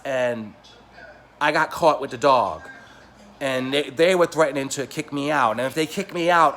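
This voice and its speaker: A man vlogging a personal story to the camera, talking in an emotional, rambling way that grows heated and loud. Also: medium pitch, a little hiss or hum.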